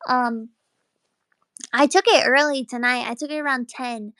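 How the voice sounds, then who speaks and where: A woman streamer chatting casually late at night, rambling excitably and laughing often. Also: high-pitched, a little slow, clear, resonant tone, no echo.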